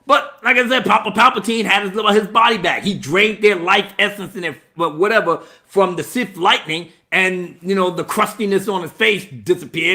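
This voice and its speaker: A man giving a casual, profane spoiler movie review, talking in an animated way and laughing often. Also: sits high.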